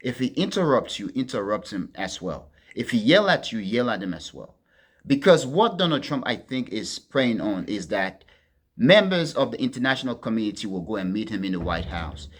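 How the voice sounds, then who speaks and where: A man hosting a political commentary monologue, talking to his listeners as friends in a deliberate, emphatic way and leaning hard on key words. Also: fairly low pitch, very animated. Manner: deliberate, addresses listeners as friends, stresses words with sharp swings in loudness.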